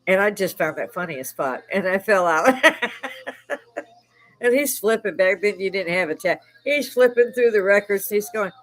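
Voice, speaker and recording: Speaking in a mid-range, expressive voice at normal speed, an older woman from Chicago hosts a relaxed live stream, swearing and laughing often as she tells stories. She's an army veteran, and the audio quality is poor.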